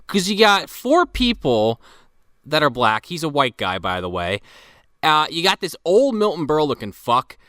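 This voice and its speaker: A man's voice: on the high side, moderate pace, no room sound, clean studio sound. A man co-hosting a casual movie-recap podcast, telling scenes in a wry, profane way. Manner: wry, profane, animated storytelling. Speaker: podcast co-host.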